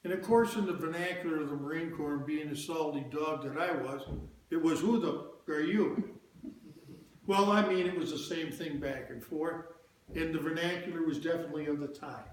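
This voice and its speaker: Speaking briskly in a fairly high voice, an older man shares a personal story with his church congregation, plain-spoken and folksy, with asides to listeners. The church hall is very echoey, with faint ambience and slight background noise.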